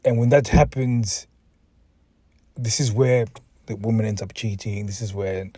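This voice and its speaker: A man's voice: lowish voice, measured pace, warm tone, no echo. A man hosting a solo podcast and talking earnestly. He sounds emotionally drained and often repeats words and restarts sentences. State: mentally exhausted, emotional. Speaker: podcast host, relationship coach.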